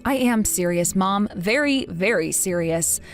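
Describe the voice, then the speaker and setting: A woman's voice: medium pitch, animated, a little slow, soft background music. A woman as a blunt, fed-up grown daughter. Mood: cold. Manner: blunt, cold, firm. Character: fed-up grown daughter cutting off her family. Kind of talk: text-story voice acting.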